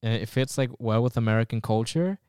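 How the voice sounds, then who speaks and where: Laid-back rambling man, smooth voice. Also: medium pitch, fairly quick, darkish tone, no room sound, clean studio sound. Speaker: podcast co-host. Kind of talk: casual chat.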